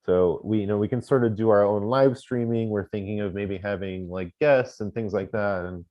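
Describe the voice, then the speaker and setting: Deep-voiced man rambling on a call. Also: normal speed, dull audio. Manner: chatty, rambling, frequent restarts and joking asides. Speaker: space-tourism lodging owner. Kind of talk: casual live-stream interview.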